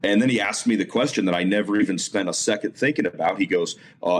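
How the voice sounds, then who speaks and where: A man's voice: fairly low pitch, quick pace, hardly any pauses, a little hiss or hum. A man guest, a motorsport announcer, telling a story in a casual interview, full of fillers and restarts. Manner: animated storyteller, many fillers and self-repeats.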